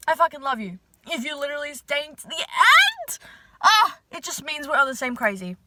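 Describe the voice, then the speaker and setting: A woman's voice: sits high, big pitch swings, normal speed, bright, forceful tone, no echo. A young woman vlogger chatting casually to her viewers, full of fillers, casual swearing and hype. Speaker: manifestation vlogger.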